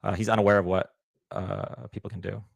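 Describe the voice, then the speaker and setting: A man's voice: lowish voice, fairly even intonation, a little fast, gravelly, breathy edge, no room sound. A young man co-hosting a casual live stream, hesitant and full of fillers and restarts. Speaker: co-host.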